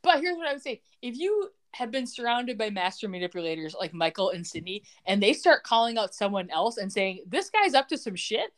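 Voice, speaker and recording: A blunt, animated woman recapping a show. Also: medium pitch, fairly quick, few pauses. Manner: blunt, profane, laughs often. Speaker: podcast co-host. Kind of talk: casual TV recap chat.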